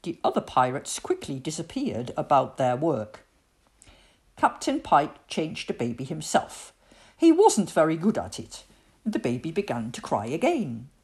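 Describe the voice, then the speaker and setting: Slow, expressive woman reading a storybook. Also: low voice.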